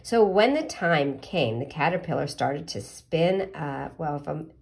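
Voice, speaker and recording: A woman reading a picture book aloud to children, gently asking them questions about the pictures. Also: low-pitched, expressive, measured pace, creaky.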